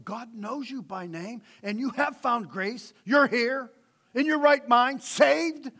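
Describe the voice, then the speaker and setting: High, bright-voiced preaching man. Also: slow pace. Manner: swings from loud preaching to quiet storytelling. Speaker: pastor. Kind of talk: sermon.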